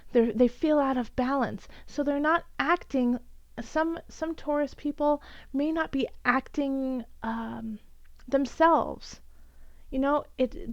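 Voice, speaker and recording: A woman's voice: high voice, dry recording, dull audio. A woman giving an earnest, encouraging tarot reading for each zodiac sign, with many fillers and restarts. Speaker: tarot reader.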